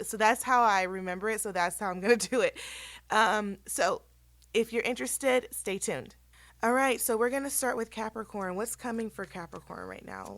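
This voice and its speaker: A woman hosting a casual tarot reading, chatty and rambling with many ums, her voice slightly hoarse. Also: fairly low pitch, a bit bright, no echo. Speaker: tarot reader and channel host.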